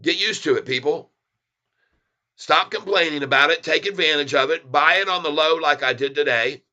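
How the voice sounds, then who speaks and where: A man's voice: fairly high pitch, moderate pace, sharp tone. A man hosting a casual stock livestream, chuckling often as he reads the chat aloud and talks straight to viewers.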